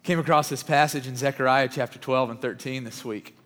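A man preaching a sermon, telling a story in an earnest voice that often drops to a hush. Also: medium pitch, steady tone, a little fast. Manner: earnest, often dropping to a hushed voice. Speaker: pastor. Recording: long reverb of a large hall.

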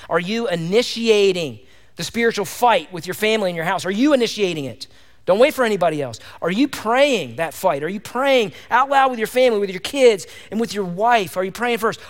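A male pastor preaching a fervent sermon, firing off repeated rhetorical questions to his congregation. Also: high voice. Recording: long hall reverb.

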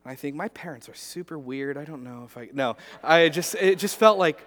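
A man's voice: fairly high pitch, animated, brisk, a bit bright. A male pastor telling a personal story in a sermon, earnest, with frequent restarts and repeated words. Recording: long hall reverb.

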